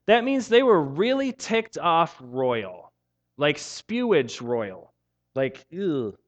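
Male pastor, sermon, high voice, very lively pitch, playful, slangy. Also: takes it slowly, dull audio. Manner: animated, playful storytelling with casual slang.

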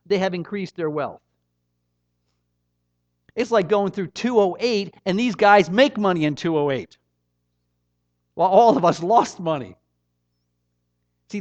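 A middle-aged pastor preaches an earnest, emphatic sermon, his delivery rising and falling. His voice is high-pitched with no echo, and the dry recording sounds dull and slightly muffled.

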